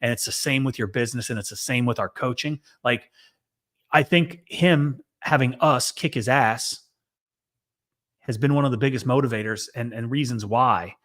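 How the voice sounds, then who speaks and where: A man co-hosting a casual business podcast, giving earnest, steady advice. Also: medium pitch, normal speed. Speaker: co-host, business coach.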